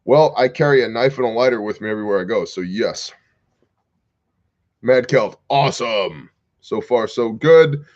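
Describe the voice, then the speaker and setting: A man's voice: mid-range voice, animated, normal speed, darkish tone, highs cut off. Wry man hosting a livestream commentary. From Kansas. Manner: wry, sarcastic asides, reads chat comments aloud. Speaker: commentary show host.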